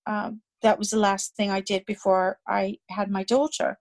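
A woman's voice: medium pitch, flat delivery, moderate pace. A woman guest telling a personal story in a conversational way, hesitant, with frequent fillers and restarts.

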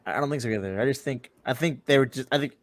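A man's voice: mid-range voice, fast, no echo. A man hosting a casual podcast chat, blunt and steering the talk to the next topic. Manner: blunt, leads the segments. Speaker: podcast host.

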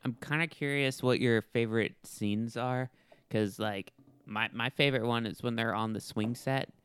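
A man's voice: mid-range voice, steady tone, moderate pace, a bit bright, smooth. Joking man chatting about a film. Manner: joking, acts out lines in silly voices. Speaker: podcast co-host. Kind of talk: casual movie review chat.

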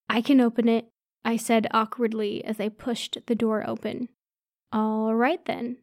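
A woman's voice: on the high side, mellow, no echo, clean studio sound. A woman narrating a first-person story aloud, giving each character a light voice of their own.

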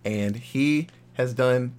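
Young male podcast co-host, casual and profane, animated film chat. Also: mid-range voice, slow pace.

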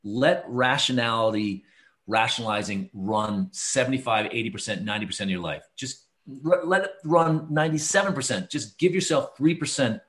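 A man's voice: mid-range voice, lively intonation, moderate pace, fairly bright tone. A man hosting a casual podcast chat, encouraging and enthusiastic, talking with many fillers.

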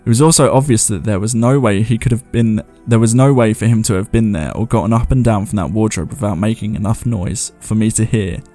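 Low-voiced man rambling over faint music. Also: brisk, hardly any pauses, warm tone. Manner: rambling, chatty, laughs at himself. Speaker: host reading viewer ghost stories. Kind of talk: casual commentary and reading aloud.

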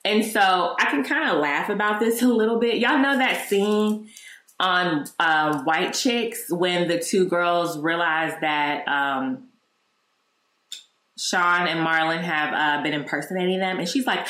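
A woman hosting her own podcast, telling a personal story in a candid, animated and profane way. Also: lowish voice, measured pace, roomy sound. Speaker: podcast host.

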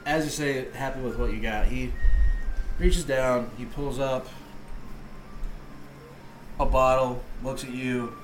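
A man narrating as game master of a tabletop game, describing scenes in a measured way. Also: medium pitch, fairly even intonation, roomy sound, faint music behind, low-quality recording.

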